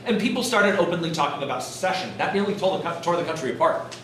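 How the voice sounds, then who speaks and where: In a college classroom, a man with a somewhat high, fairly bright voice lectures on history at a fast clip, expressive and jokey, impersonating historical figures as he goes. The recording is echoey and distant, with a little hiss or hum.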